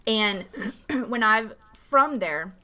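A woman pastor talking casually about faith in a podcast interview, animated and full of "like" fillers, acting out quoted dialogue. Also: extremely slow. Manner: animated, acts out quoted dialogue with big pitch jumps. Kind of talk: conversational faith teaching.

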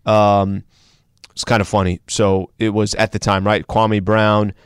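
A man's voice: lowish voice, little pitch movement, unhurried, smooth, no room sound, clean studio sound. A man hosting casual sports talk, recounting games in a conversational way with fillers.

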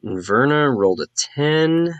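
A man's voice: medium pitch, lively intonation, a little slow, no room sound. A man narrating a tabletop game as game master, casual and full of fillers.

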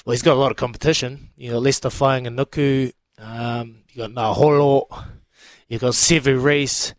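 A man's voice: medium pitch, steady tone, normal speed, dry recording. A man co-hosting a sports radio show in casual, blokey banter, laughing often.

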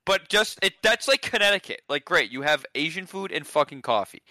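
A man's voice: on the high side, big pitch swings, fairly quick, bright, forceful tone, no room sound, clean studio sound. A man from the United States ranting sarcastically in casual chat, swearing often.

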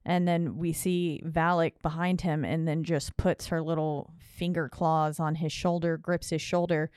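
A woman's voice: low-pitched, flat delivery, a little slow, darkish tone, clean tone, no echo, clean studio sound. A woman co-hosting a podcast, recapping a horror film in casual, filler-heavy chat while checking her notes. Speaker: podcast co-host.

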